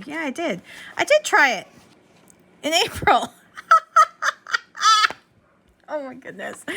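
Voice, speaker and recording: A woman's voice: a little high, sharp tone. A young woman vlogging about her planners in a rambling, self-interrupting casual chat. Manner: scattered, self-interrupting, talks to her dog.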